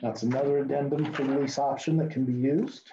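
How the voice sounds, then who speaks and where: A middle-aged man teaching a real estate class over a video call, talking fast as he walks through forms. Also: medium pitch, steady tone, dark tone, slight background noise. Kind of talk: virtual class lecture. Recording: muffled lo-fi video call audio.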